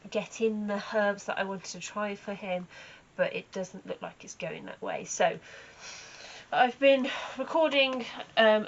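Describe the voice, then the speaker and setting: A woman giving a casual vlog update about her horses, telling stories in a chatty, animated way. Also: medium pitch, highs cut off. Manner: chatty, animated storytelling with acted asides. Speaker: horse owner vlogger.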